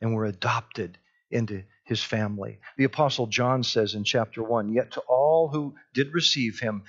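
A man's voice: medium pitch, dull audio. A man preaching a sermon, earnest, who repeats his key phrases and rises into urgent pleas. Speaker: pastor.

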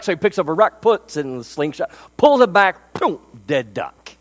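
A man's voice: high-pitched, big pitch swings, normal speed, hardly any pauses. A male pastor, preaching a sermon and telling a story with frequent fillers.

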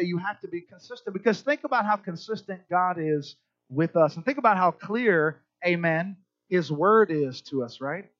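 A middle-aged man preaching a sermon as pastor, animated and acting out kids and parents in little voices. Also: high-pitched, dry recording, muffled recording.

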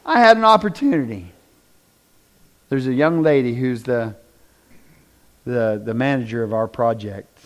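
A preacher with a mid-range voice and measured pace, pausing often, delivers a sermon to his congregation. He tells stories in an animated way, acts out the people he quotes, jokes with the listeners, and finishes with a prayer.

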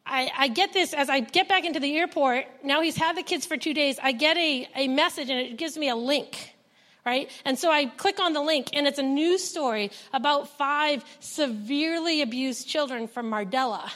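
A woman sharing a personal testimony with a church congregation, telling her story in an animated way and acting out the dialogue, close to tears. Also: high voice, moderate pace, long reverb tail. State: emotional, near tears. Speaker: foster mother sharing a testimony. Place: church service.

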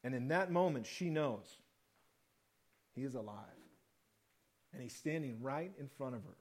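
A man's voice: mid-range voice, animated, unhurried, darkish tone. A man preaching a sermon in a conversational way, acting out the quoted lines of the story. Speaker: pastor.

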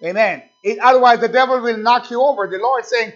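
A man's voice: extremely high pitch, fast talker, few pauses, a bit bright. A man preaching a sermon, emphatic and repetitive, calling out "amen" between points. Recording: dull lo-fi sound.

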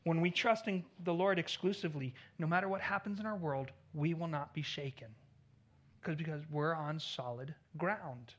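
A man preaches at a moderate pace in an earnest pastor's tone. He swells in volume on the key points and drops low at the close of phrases.

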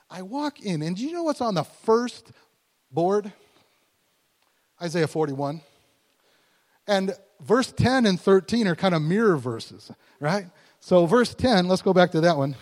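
A man preaching a conversational sermon as pastor, animated and slowing down to stress scripture. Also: on the high side. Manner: conversational and animated, voice rising in bursts; slows down to stress scripture words. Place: church sanctuary. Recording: long hall reverb.

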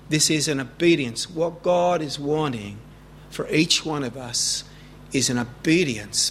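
A man preaching a sermon at a slow, unhurried pace, his voice sitting a little high for a man. He speaks earnestly and climbs higher when he presses a point. A faint hum runs beneath the recording. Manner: earnest, rising with emphasis, slow deliberate preaching. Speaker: pastor.

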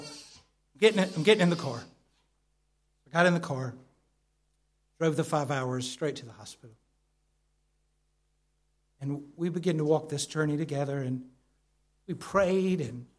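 A man preaching a sermon, telling a personal story in a conversational way, dropping softly on his key lines. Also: fairly high pitch. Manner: storytelling, soft intimate drops at key lines; frequent fillers and restarts, conversational.

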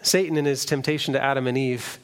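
A man's voice: mid-range voice, fairly even intonation, fast. A man preaching a sermon, reading scripture aloud in an earnest way with the odd restart.

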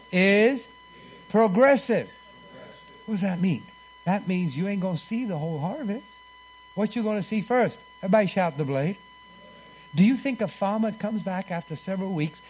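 High, animated male preacher. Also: moderate pace, a little hiss or hum. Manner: animated call-and-response preaching; swings between booming and hushed delivery. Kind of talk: sermon.

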